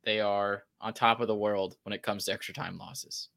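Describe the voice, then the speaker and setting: Bright-voiced man, wry sports talk. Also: fairly low pitch, flat delivery, normal speed, creaky. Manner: wry, analytical, reading viewer comments. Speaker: sports podcast co-host. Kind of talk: casual chat.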